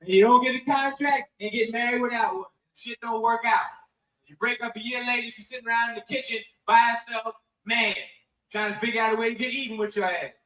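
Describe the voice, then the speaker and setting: A man's voice: extremely high pitch, steady tone, fairly quick, sharp tone, roomy sound. A male comedian doing a profane stand-up routine, switching into voices to act out characters, played as a clip from far off.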